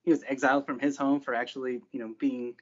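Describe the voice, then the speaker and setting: A man running a tabletop game as game master, narrating what the characters do in a relaxed storytelling way. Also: mid-range voice, fast talker, background noise. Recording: slightly dull lo-fi podcast audio.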